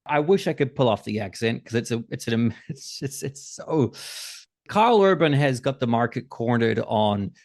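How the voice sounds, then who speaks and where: A man hosting a podcast, chatting casually in an animated, profane, self-mocking way. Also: mid-range voice, normal speed. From New Zealand. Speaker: podcast host.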